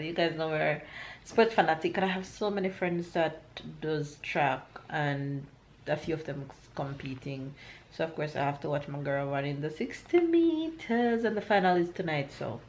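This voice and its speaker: A woman's voice: low-pitched, unhurried, a little hiss or hum. A young Jamaican woman with a Jamaican accent, chatting and laughing often in a casual family vlog. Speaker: vlog host, wife and mother.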